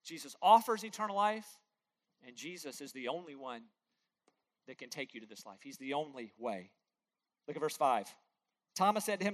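A man preaching a sermon as pastor, pleading with his listeners, moving between loud emphatic lines and hushed, quiet ones. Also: a little high, sing-song, moderate pace, long pauses.

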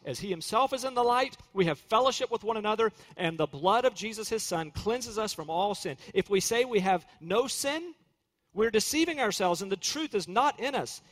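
A man's voice: high voice, a bit bright, long reverb tail. A man preaching a sermon in an earnest way, quoting scripture and hymn lyrics and acting out inner voices. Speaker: pastor.

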